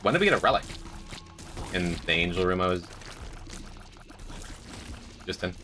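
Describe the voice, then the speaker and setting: Male streamer, low pitch, animated, wry, music in the background. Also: normal speed, slight background noise. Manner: dry, joking, talks to chat. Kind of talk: casual gameplay commentary. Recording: faint music behind.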